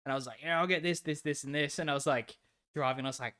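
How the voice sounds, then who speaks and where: Fast-talking and pushed, this man has a fairly high, bright voice. As co-host of a laid-back podcast, he trades stories full of laughter and plenty of profanity.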